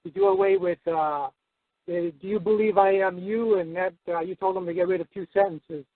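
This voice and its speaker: A male caller with a high voice reads out a letter and answers questions, hesitating often. The sound is dry and has no room to it. It is narrow and tinny, like a phone line. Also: lively intonation, vocal fry, no echo. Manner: hesitant, halting, with many fillers. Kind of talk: phone call to radio show.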